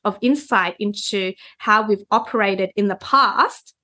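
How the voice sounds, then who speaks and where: A woman's voice: mid-range voice, unhurried, pushed and bright. A woman, a guest reader, explaining concepts in a conversational chat and often checking in with "right?". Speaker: Human Design reader, guest.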